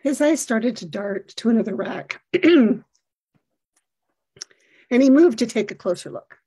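Breathy middle-aged woman telling a story. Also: on the high side, sing-song, warm tone. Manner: reflective, measured, descriptive. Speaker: parent telling a personal story. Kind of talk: personal storytelling.

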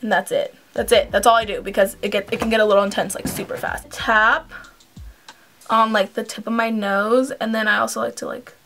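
A young woman talks through her makeup routine in a loose, rambling way, full of "like" and "um". Her voice sits a little high, and she sounds relaxed at home. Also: fairly quick, faint music behind. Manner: chatty, rambling, uses "like" and "um" often. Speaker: beauty vlogger. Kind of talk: casual makeup tutorial.

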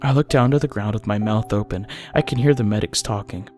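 A man narrating a first-person horror story, often dropping to a hushed, breathy delivery at tense moments. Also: on the low side, fairly quick. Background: faint music.

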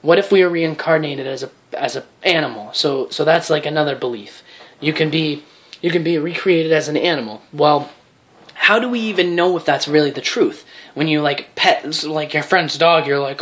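Young vlogger ranting at the camera, swears a lot, acts out little scenes, mid pitch. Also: normal speed. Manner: profane, rambling, animated with acted-out quotes. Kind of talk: rambling casual rant to camera.

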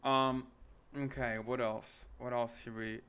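A man's voice: mid-range voice, level tone, measured pace, fairly bright tone, clean tone. A young man hosting a casual live stream, rambling, joking and swearing often. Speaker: streamer host.

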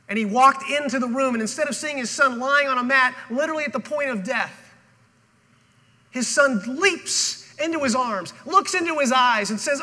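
A man's voice: extremely high pitch, sharp tone. A male pastor preaching a sermon and telling the story dramatically, acting out the people in it. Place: church auditorium. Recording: long hall reverb.

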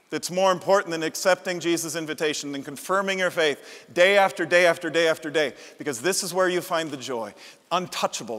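A man's voice: sits high, a bit bright. A middle-aged male pastor preaching a passionate, emphatic sermon with repeated phrases in a large church sanctuary. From Midwestern United States. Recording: long church-hall reverb.

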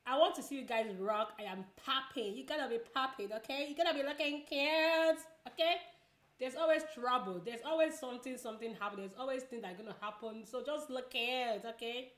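A woman's voice: fairly high pitch, lively intonation, fairly quick, fairly bright tone, roomy sound. A woman chatting casually while eating, giving advice and repeating herself a lot. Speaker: vlogger.

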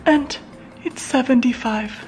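A young woman vlogging casually with excitable, bubbly energy, sometimes dropping to a whisper in public, recorded on a handheld camera. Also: high voice, takes it slowly, slight background noise. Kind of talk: casual vlog chat. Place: at home, then a craft store. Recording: pop music clearly audible behind.

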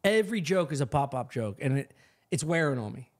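A man co-hosting a comedy podcast, telling a rambling story in a profane, animated way. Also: fairly high pitch, brisk. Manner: profane, animated, mimics a neighbor in quotes. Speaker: podcast co-host.

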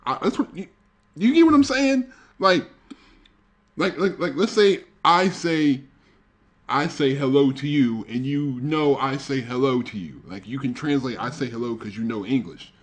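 A man's voice: mid-range voice, moderate pace. A man hosting a reaction video, rambling casually and leaning on "like" and "you know what I'm saying".

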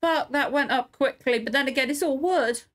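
Tearful, sniffling woman reacting, slightly high voice. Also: moderate pace, a bit bright. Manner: emotional, swears often, rambling. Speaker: reaction video host. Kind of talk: casual reaction commentary.

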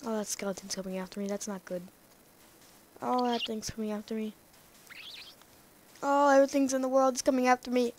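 Woman narrating her game, kinda high voice, rambly and excitable, talks to the villagers. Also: brisk, long pauses, slight background noise. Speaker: let's play gamer. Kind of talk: casual gameplay commentary.

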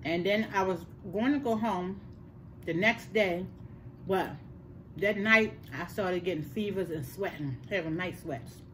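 An older woman, telling a personal story in casual chat, animated and repeating words for emphasis. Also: on the low side, unhurried, slight background noise. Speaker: host.

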